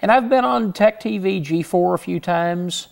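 A man's voice: high voice, moderate pace, gravelly. A man from Houston with a slight Southern twang, a guest telling stories in a casual interview, chuckling between restarts. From Houston, Texas. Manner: chatty storyteller, frequent restarts, chuckling asides.

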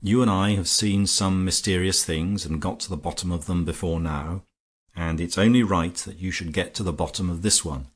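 Grave gentleman sleuth read by a man, low, husky, measured storybook voice. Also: fairly even intonation. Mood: calm, grave. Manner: measured, composed, explanatory. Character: grave, calm English gentleman detective.

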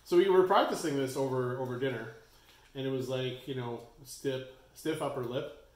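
A woman co-hosting a casual snack taste test, teasing and quick to laugh. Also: very deep voice, a little mellow. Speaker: co-host. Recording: echoey room, faint noise.

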